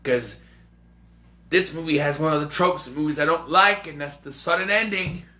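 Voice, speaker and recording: A man rambling excitably and jokingly through a casual movie review. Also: a little high, normal speed.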